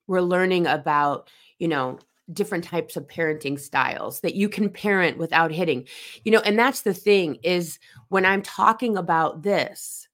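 Low-voiced earnest woman host. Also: fairly bright tone. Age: 40s. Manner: earnest, emphatic repetition. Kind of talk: personal reflective monologue.

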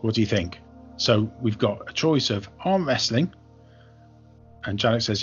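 A man with a lowish voice narrates a tabletop game as game master, relaxed and full of hesitations. He speaks over an online call. The sound is dull and lo-fi, with faint music behind. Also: a little slow, pauses often, slightly rough. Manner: relaxed, hesitant, lots of ums.

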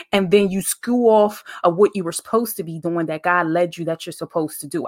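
A woman hosting a podcast, talking in a casual, preachy, faith-based monologue full of slang. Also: lowish voice. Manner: conversational, preachy, uses slang and dialect grammar. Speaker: podcast host.

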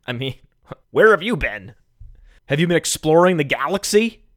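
A man hosting a sports podcast alone, sarcastic and mock-calm, who keeps bursting into shouts. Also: fairly high pitch, measured pace, pauses often, no room sound, clean studio sound. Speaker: fantasy football podcast host. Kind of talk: sarcastic solo podcast rant. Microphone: studio microphone.

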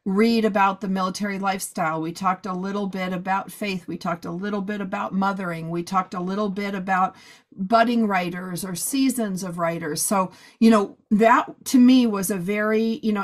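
A woman hosting a podcast, chatting casually and a bit hoarse after a long day of recording. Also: medium pitch, steady tone, moderate pace. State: hoarse, losing her voice. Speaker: podcast host. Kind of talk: casual chat.

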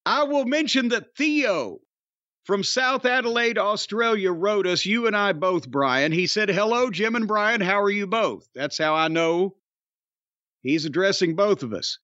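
A man's voice: high voice, lively intonation, a little slow, pushed and bright, no echo, muffled recording. A man, hosting a casual podcast with rambling, profane wisecracks. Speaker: podcast host. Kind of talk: casual wrestling podcast banter.

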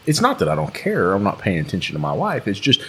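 A man's voice: deep voice, huge pitch swings, fast talker, a little hiss or hum. A man with a Southern US drawl hosting a podcast, talking earnestly with frequent restarts. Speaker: podcast host. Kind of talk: casual podcast chat.

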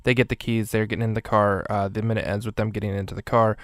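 A man's voice: on the low side, flat delivery, fast talker, dry recording, clean studio sound. A man casually recapping a movie minute by minute and rating each one, in a rambling way with many fillers. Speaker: movie reviewer.

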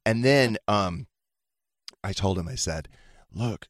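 Dramatic gossiping man, fairly low voice. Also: slow. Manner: dramatic storyteller, acts out quotes in big voices. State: recovering from a fever. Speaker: podcast host. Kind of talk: casual chat.

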